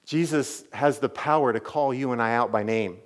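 Animated storytelling male pastor. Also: medium pitch, moderate pace. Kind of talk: sermon.

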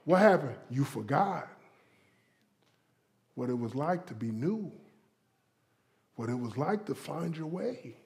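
A pastor from Florida delivering a sermon with a notably high voice. He talks to the congregation in a loose, conversational way, slipping into acted-out inner voices and playful asides. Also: lively intonation, slow, vocal fry, long pauses, darkish tone.

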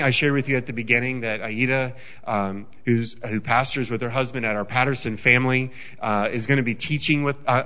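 Bright-toned pastor giving announcements. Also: male voice, mid-range voice. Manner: brisk, organized, with occasional fillers. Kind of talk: church announcements and introduction. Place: church sanctuary.

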